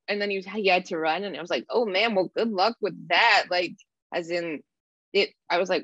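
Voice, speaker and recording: A woman's voice: on the low side, a little fast, no echo, muffled recording. A young adult woman from Canada, a podcast guest telling stories in a chatty way, acting out quoted lines. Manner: chatty storytelling with animated quoted asides. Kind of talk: casual podcast chat.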